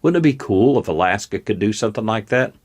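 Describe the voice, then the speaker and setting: Folksy, low-voiced talk show host. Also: male voice, lively intonation, fast talker, darkish tone. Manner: folksy, opinionated, plain-spoken. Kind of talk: casual political commentary. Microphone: webcam on desk.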